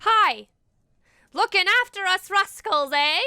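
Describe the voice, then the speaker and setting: A woman voicing a rowdy, cheeky male monster hunter with a put-on Australian-English accent, talking loud and slangy. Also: very high-pitched, lively intonation, slow pace, pitched above the performer's own voice, heavily acted. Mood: boisterous.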